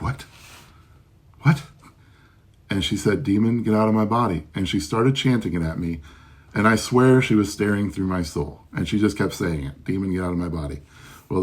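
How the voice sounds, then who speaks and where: A man's voice: low-pitched, slightly rough. A man who runs a loss prevention business, casually telling a story about his work with frequent ums and restarts. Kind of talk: casual first-person storytelling.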